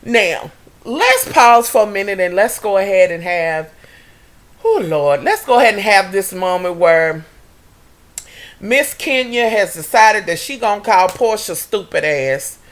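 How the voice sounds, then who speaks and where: A woman's voice: medium pitch, animated, measured pace. A young woman recapping a reality TV episode in a sassy, profane, gossipy way. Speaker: TV recap vlogger.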